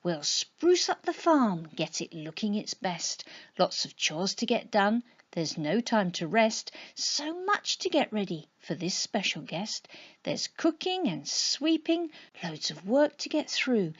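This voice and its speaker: A woman reads a rhyming bedtime story in a lively, sing-song voice, often sinking to a whisper. Her tone is soft and husky, and she takes her time. The recording sounds dull and lo-fi. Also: mid-range voice. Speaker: children's author reading her story.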